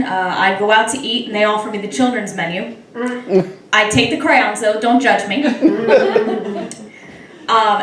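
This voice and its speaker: On a club stage before a live audience, a young woman performs stand-up in a wry, conversational style, teasing the crowd. Her voice is medium-pitched and a bit bright, picked up from a distance in an echoey room.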